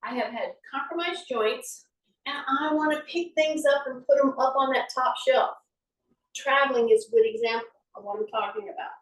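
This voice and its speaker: A woman's voice: high voice, moderate pace, far from the mic. A woman fitness instructor, leading a live exercise class and talking chattily as she demonstrates the moves. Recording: echoey room, voice from off the mic.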